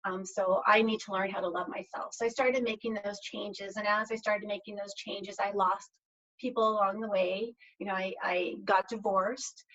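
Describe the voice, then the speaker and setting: A woman's voice: medium pitch, little pitch movement, moderate pace, a bit bright. An earnest middle-aged woman telling her own story as a podcast guest, reflective and often circling back to restart a phrase. Her voice sits in an ordinary middle range for a woman. The audio is a little dull and lo-fi. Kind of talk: personal storytelling in a podcast interview.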